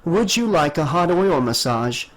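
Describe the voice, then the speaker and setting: A man voicing a polite male android who speaks in a formal, monotone yet soothing way. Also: a little high, a little slow, rough recording. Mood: courteous.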